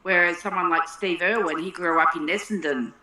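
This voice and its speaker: An Australian woman in her forties chats casually as a co-host, in a somewhat low voice with a bright, crisp edge. She talks freely, with hesitant fillers and repeated starts. The recording has an echoey room. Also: fairly even intonation, a little fast. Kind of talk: casual chat on a watch-along stream.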